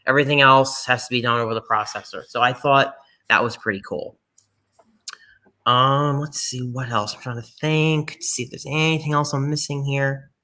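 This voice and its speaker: A man on a video call panel casually walking through his editing software, relaxed and hesitant. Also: mid-range voice. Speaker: panel guest. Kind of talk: casual tech demo chat.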